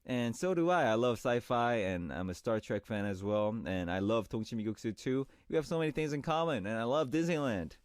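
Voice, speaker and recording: A man's voice: mid-range voice, expressive, fairly quick, hardly any pauses, smooth, no room sound. Chatty guy DJing a radio show, upbeat, reading fan mail, dead dry studio mic. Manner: upbeat and chatty, reads messages in a brighter voice. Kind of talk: radio show hosting, reading listener messages.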